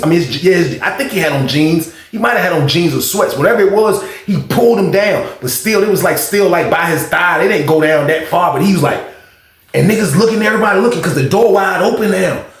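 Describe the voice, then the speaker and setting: Guy telling a wild story, acts out the quotes and shouts, sounds like a roomy echoey space. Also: high voice, expressive, a little fast. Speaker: storytime host. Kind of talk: animated storytelling. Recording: echoey room.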